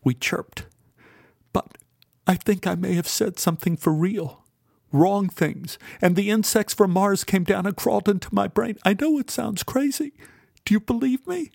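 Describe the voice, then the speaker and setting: A man's voice: moderate pace, vocal fry, darkish tone, no room sound, clean studio sound. A man reading an audiobook and voicing a distraught, frightened young woman in a raised, pleading voice. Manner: high, tearful and pleading. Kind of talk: audiobook character voice.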